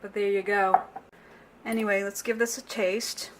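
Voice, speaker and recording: Middle aged lady cooking at home, chatty and casual, keeps correcting herself, soft clinks of dishes behind her. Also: medium pitch, little pitch movement, moderate pace, background noise. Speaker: home cook vlogger. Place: home kitchen. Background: clinking pots, pans and cutlery.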